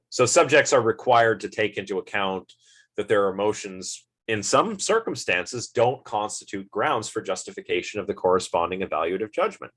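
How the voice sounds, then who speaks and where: A man's voice: on the low side, fairly bright tone. A man lecturing on philosophy in an informal university class, thinking aloud through everyday examples and putting questions to the students.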